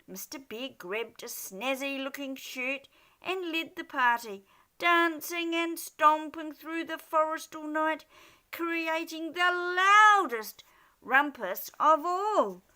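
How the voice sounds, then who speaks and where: A woman reading a children's picture book aloud in an expressive, animated way. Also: high voice, takes it slowly. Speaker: storyteller.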